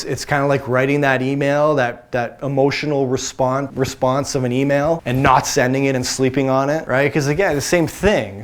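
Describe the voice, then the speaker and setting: A man hosting a sales channel, giving a casual motivational talk with frequent restarts and filler phrases. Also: mid-range voice. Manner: conversational, many restarts and "you know"s.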